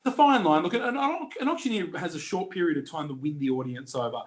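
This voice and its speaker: A confident middle-aged man, an auctioneer telling lively, joking stories in an interview. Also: on the high side, fast talker. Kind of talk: storytelling in an interview.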